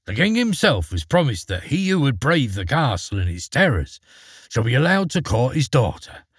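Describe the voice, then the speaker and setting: A man's voice: mid-range voice, slightly rough, dry recording, clean studio sound. A man doing a folksy rustic innkeeper. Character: gossipy village innkeeper, middle-aged man.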